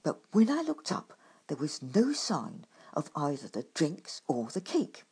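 A woman narrating a storybook in the first person, animated and dramatic. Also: sits low, measured pace, creaky, breathy edge.

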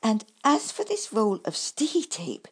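A woman's voice: on the high side, sing-song, unhurried, slightly rough, pitched above the performer's own voice, heavily acted. Woman doing Bumble, a polite little badger. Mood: concerned. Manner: gentle, courteous, fussing. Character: kindly miniature male badger, polite and concerned. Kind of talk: storybook character voice.

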